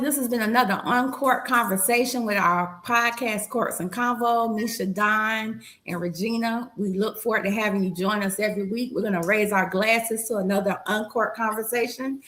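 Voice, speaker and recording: A middle-aged woman co-hosts a casual podcast chat. Her voice is bright and forward. She speaks in an emphatic, earnest way, leaning into her words. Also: medium pitch, normal speed. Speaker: podcast co-host.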